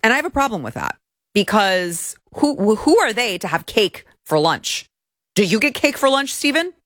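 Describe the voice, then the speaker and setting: Sarcastic woman host, lively and dry. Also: mid-range voice, moderate pace, dry recording. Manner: sarcastic, indignant, mocking put-on voices. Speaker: commentary show host. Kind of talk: opinionated political commentary.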